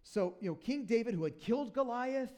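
A man preaching a sermon to a congregation in a church, retelling a story with lively asides and acting out the characters. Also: very high-pitched, brisk. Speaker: pastor.

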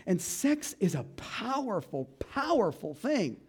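A male pastor preaching a sermon, animated and joking, with asides and laughter between Bible readings. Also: sits high, measured pace, husky.

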